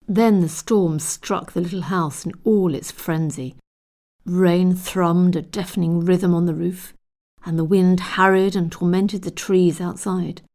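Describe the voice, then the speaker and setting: A woman reading a novel aloud in steady, descriptive scripted narration. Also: lowish voice, a little slow. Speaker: audiobook narrator.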